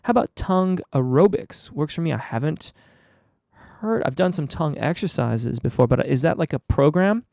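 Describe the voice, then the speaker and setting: Man, vocal coach, live Q&A, a little under the weather, gravelly, relaxed, lots of ums. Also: on the high side, moderate pace, no room sound, clean studio sound. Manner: relaxed, explanatory, frequent ums and restarts. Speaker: singing teacher. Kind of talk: live Q&A on voice technique.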